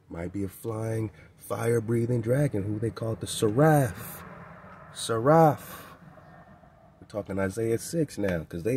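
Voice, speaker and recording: A man's voice: lowish voice, darkish tone, a little hiss or hum. A man hosting a radio show, giving a preaching-style spiritual monologue in loose street slang, emphatic and repetitive, often ending phrases with "man". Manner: loose street slang, chuckles between points.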